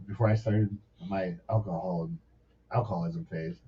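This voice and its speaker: A man's voice: deep voice, moderate pace. A man in his forties telling rambling, profane stories in a casual podcast chat. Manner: profane, rambling, animated storyteller. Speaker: podcast guest, former sous chef. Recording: distant mic, dull lo-fi sound, faint background noise.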